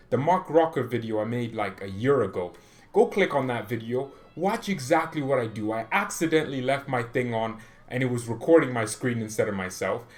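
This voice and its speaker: A man in the middle of the usual pitch range hosts his own fan channel, talking casually straight to camera. He rambles from point to point with excitable energy and pokes fun at himself along the way. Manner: excitable, rambling, self-mocking.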